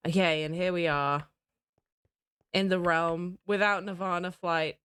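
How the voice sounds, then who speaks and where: A woman streamer chatting casually to her viewers, excitable and giggly. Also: fairly low pitch, a little slow, long pauses, clean tone, no echo. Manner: excitable, giggly, talks to chat. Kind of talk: casual live-stream chat.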